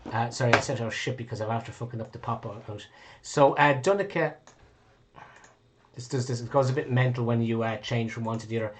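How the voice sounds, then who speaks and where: A man runs a tabletop game as game master, talking at an everyday middle pitch. He rambles and corrects himself as he goes, with offhand swearing. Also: brisk. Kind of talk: running a tabletop game online.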